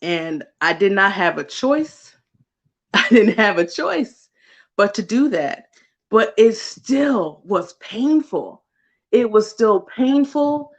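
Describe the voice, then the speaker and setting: A woman energy healer in a casual spiritual vlog, animated and laughing often, swearing freely and slipping into put-on voices. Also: takes it slowly, muffled recording. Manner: slips into high put-on voices for quotes.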